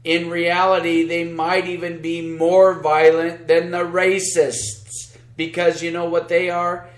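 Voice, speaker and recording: A man's voice: fairly high pitch, flat delivery, slow pace, echoey room. A man co-hosting a podcast, giving sarcastic, combative political commentary and reading news aloud with asides. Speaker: podcast co-host.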